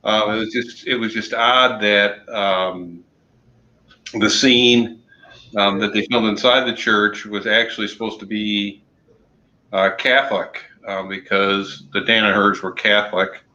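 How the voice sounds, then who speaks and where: A man co-hosting a casual chat show, slowly reading out trivia answers with many ums and the odd corny joke. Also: on the low side, fairly even intonation, pushed and bright. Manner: slow, halting, many ums and uhs; corny jokes. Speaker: podcast co-host running trivia. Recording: roomy, dull lo-fi sound.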